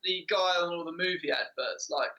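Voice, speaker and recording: A man, a band member chatting casually and telling a story quickly. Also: sits high, bright, forceful tone, lo-fi sound. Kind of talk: casual chat.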